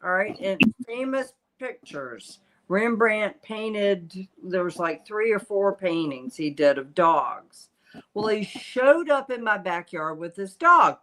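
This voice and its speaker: An older woman, a psychic medium hosting a casual livestream, telling stories in an animated way. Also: mid-range voice, slow pace, slight background noise, rough recording. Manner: animated storytelling, quotes spirits in voices. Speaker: psychic medium, show host.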